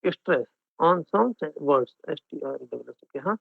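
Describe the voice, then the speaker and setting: A man's voice: on the high side, big pitch swings, moderate pace, creaky, no echo. A man with an Indian English accent teaching an exam-prep class, mixing Hindi and English and often checking in with his students. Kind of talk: online class lecture. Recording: phone-like narrow band, dry.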